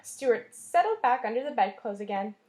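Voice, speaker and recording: A woman teacher reading a chapter book aloud to her class, telling the story expressively and pausing to point at the pictures. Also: on the high side, animated, mellow.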